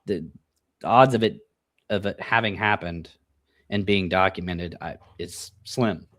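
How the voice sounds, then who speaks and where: A man's voice: low-pitched, a little slow, a bit bright, no room sound, clean studio sound. A man with a Midwestern American accent, co-hosting a paranormal podcast, telling stories in a laid-back way, swearing and laughing often. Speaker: paranormal investigator and podcast co-host. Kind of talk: casual chat.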